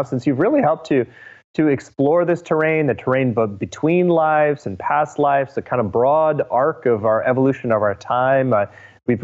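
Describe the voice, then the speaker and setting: A man hosting an interview, speaking in a measured way with hesitant restarts as he sets up the topic. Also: darkish tone. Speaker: host. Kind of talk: interview host introduction. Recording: muffled low-fidelity audio.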